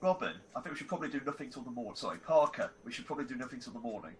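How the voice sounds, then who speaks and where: A man playing in a tabletop game, chatting quickly and excitably. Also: medium pitch, slight background noise, rough recording. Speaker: player. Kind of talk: casual play chat.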